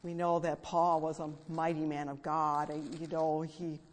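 A woman preaching an earnest sermon, reading scripture aloud with fervent rises and hushed drops. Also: deep voice, level tone, measured pace, slight background noise. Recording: long reverb.

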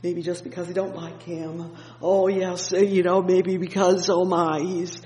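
A man preaching an evening sermon, explaining a psalm with fervent interjections of "oh yes" and "praise the Lord", reading scripture slowly and deliberately. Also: high-pitched, little pitch movement, a little mellow. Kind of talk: evening sermon, Bible exposition. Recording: echoey hall with long reverb.

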